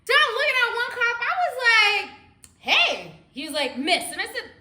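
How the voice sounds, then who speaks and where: A young woman telling a wild personal story in a storytime vlog, laughing often and swinging between hushed and loud. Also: very high-pitched, big pitch swings, moderate pace, roomy sound.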